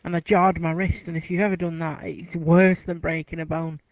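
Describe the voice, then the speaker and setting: A man's voice: fairly high pitch, level tone, a little fast, dry recording, rough recording. A man in a casual chat, telling a short story of his own after brief agreeing replies.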